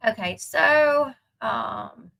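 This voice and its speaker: A woman's voice: on the high side, very slow, vocal fry, fairly bright tone, poor audio. A woman hosting a casual reaction commentary, chatty and emphatic with fillers and asides. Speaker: commentary channel host.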